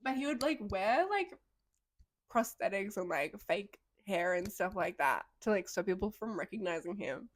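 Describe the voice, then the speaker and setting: This is a young woman co-hosting a podcast in loose, chatty storytelling. She fills her talk with "like" and pops up in pitch when something delights her. Her mid-range voice is recorded close and dry. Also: normal speed, no room sound. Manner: animated storyteller, leans on "like", bursts into high excited outbursts. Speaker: podcast co-host. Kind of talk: casual chat.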